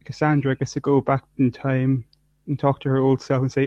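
A man's voice: mid-range voice, completely flat delivery, brisk, mellow, dry recording. A man co-hosting a casual chat, rambling dryly with lots of fillers and trailing off. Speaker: podcast co-host. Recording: dry, dull lo-fi mic.

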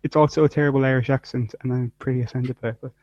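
A man's voice: medium pitch, fairly even intonation, racing, a little mellow, no echo. A man co-hosting a casual chat, rambling dryly with lots of fillers and trailing off. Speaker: podcast co-host. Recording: dry, dull lo-fi mic.

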